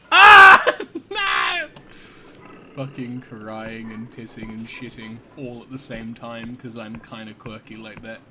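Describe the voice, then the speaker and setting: A man livestreaming a video game, excitable and profane, on a desk microphone that sometimes peaks. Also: medium pitch, takes it slowly, noisy background. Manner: excitable, swearing, laughing asides. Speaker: streamer. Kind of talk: live game commentary.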